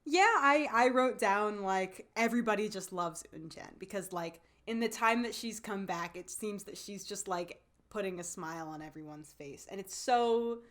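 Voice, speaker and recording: A woman co-hosting a podcast, chatting casually and excitedly about a drama, full of fillers and acted-out lines. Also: medium pitch, moderate pace, few pauses. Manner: bubbly, lots of fillers, acts out characters' lines. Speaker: podcast co-host. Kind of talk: casual chat recapping a drama.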